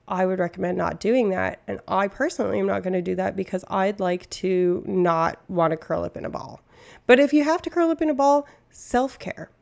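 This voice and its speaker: A woman's voice: medium pitch, gravelly. A woman from Canada, a streamer chatting casually and rambling, laughing often at herself. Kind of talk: casual chat.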